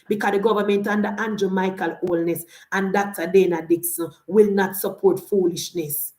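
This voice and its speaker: A woman's voice: medium pitch, steady tone, normal speed, few pauses, darkish tone, reverberant. A woman in her thirties with a Jamaican accent, giving a heated political rant and slipping between patois and standard English. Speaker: political commentator.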